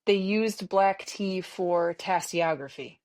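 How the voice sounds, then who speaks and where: A woman's voice: lowish voice, slow pace, darkish tone. An American woman hosting a podcast, chatting casually with lots of fillers like um and like. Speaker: podcast host. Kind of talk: casual conversation.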